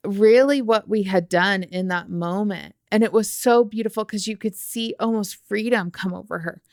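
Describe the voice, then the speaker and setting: A woman's voice: mid-range voice, moderate pace, dry recording, studio quality. A woman on a podcast, earnestly telling a story about helping her child through anxiety, in casual conversation. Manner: earnest, storytelling, warm retelling of dialogue. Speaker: mother sharing a parenting story.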